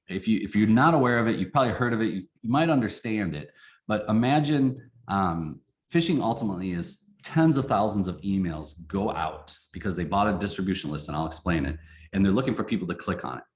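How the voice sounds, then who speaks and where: Low-voiced man teaching a webinar. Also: a little fast. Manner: folksy, animated explainer acting out examples. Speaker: company CEO presenting a webinar. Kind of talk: casual training webinar.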